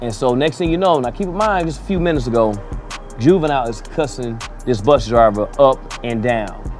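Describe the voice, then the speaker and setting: A man's voice: medium pitch, fairly quick, darkish tone, faint music behind. A man working as a DJ tells a wild story in a casual, profane way, chuckling as he goes. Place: outdoors in a city.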